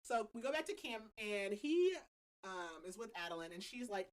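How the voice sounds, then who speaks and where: A woman's voice: medium pitch, lively intonation, normal speed, rough recording. A young adult woman hosting a podcast, recapping a novel in casual chat, laughing often and leaning on "like" as filler. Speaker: podcast host.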